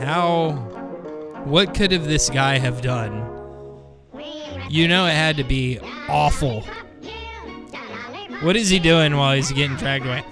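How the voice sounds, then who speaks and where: A man's voice: a little high, unhurried, pauses often, music in the background. A male show host giving casual, rambling, profane commentary on video clips.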